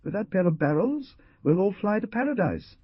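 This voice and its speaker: A man's voice: high voice, sing-song, normal speed, no echo, highs cut off, pitched above the performer's own voice, full character voice. A man voicing a brave, good-humoured bandit colonel with an ironic manner in an audiobook. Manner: smooth, ironic.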